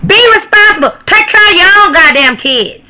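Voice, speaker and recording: A woman's voice: very high-pitched, lively intonation, moderate pace, pushed and bright, rough recording. A woman telling a comic story in a brash, profane, gossiping way. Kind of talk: comedic storytelling vlog.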